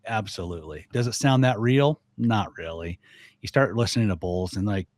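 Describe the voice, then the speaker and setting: An older man, a guest on a podcast, talking casually and lively, mimicking sounds as he explains. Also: fairly low pitch, normal speed, no room sound, studio quality. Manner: animated, mimics elk bugles and voices. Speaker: guest, elk calling expert.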